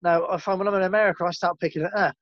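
A man's voice: high voice, fairly even intonation, very fast, dry recording, dull audio. A man with a West Country English accent, an actor and former boxer chatting as a guest in a rambling, easygoing way with lots of restarts. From West Country of England. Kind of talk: casual interview chat.

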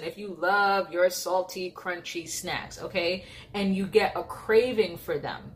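A woman's voice: lowish voice, a little hiss or hum. A young adult woman coaching on nutrition in a casual, chatty way, often checking in with "okay?". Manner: chatty, informal, lots of "like" and "okay?". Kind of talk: casual educational talk to camera.

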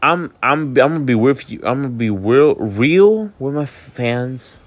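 Unhurried and sleepy, yawning now and then, a twenty-something vlog host from Miami, Florida, rambles candidly in a casual monologue. His mid-range voice has lively intonation, there's no room sound, and he swears freely among many fillers.

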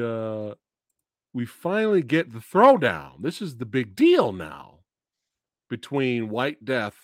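A man hosting a casual livestream movie review, excitable and profane, often bursting into high laughter. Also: no room sound, studio quality. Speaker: podcast host.

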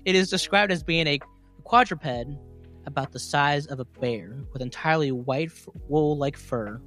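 A young man with a West Virginian accent co-hosts a podcast of cryptid stories, giggling and laughing often as he reads casually from his notes. His voice sits on the high side and a bit bright, moving at normal speed over soft background music.

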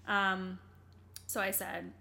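A woman's voice: mid-range voice, little pitch movement, takes it slowly, creaky, pushed and bright. Earnest young woman telling her story. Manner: earnest, rambling, with many fillers and restarts. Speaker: interview guest. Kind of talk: candid personal storytelling in conversation.

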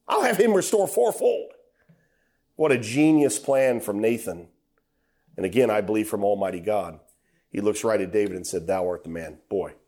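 Middle-aged male preacher, storytelling sermon, acts out the quotes, builds to emphatic peaks. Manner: storytelling with acted quotes, rising to loud emphatic high passages.

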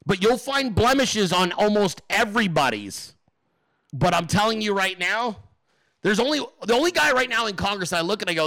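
High, bright-voiced man ranting profanely. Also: lively intonation, moderate pace, no echo. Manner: emphatic, profane, rambling, addresses viewers and chat directly. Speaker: political livestream host. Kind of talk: casual profane political rant.

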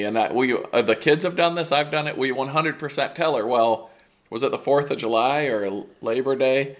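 A man co-hosting a podcast, telling teasing stories about his wife in a relaxed, joking chat. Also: medium pitch, normal speed. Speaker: podcast co-host. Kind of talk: casual chat.

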